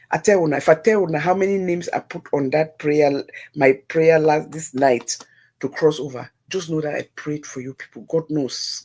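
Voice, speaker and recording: A woman's voice: low voice, a little mellow, breathy edge. A middle-aged woman with a Nigerian accent, hosting a livestream and giving earnest, preachy advice to her viewers, repeating herself for emphasis. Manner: preachy, religious. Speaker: livestream host. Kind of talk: casual advice talk to live viewers.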